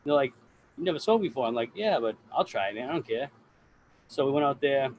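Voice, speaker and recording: A man's voice: medium pitch, lively intonation, quick pace, muffled recording, slight background noise. A man from the US East Coast, a guest grower on a casual podcast, telling stories with plenty of swearing and quoted dialogue. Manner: swears often, tells stories animatedly.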